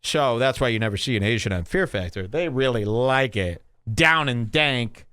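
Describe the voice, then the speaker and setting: A man on a podcast rants sarcastically, his pitch leaping around as he exaggerates. The sound is dry and close, with no room around him. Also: lively intonation, moderate pace, bright, forceful tone, clean tone, no room sound. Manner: sarcastic, exaggerated mock voices. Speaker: podcast host. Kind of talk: ranting comedic podcast talk.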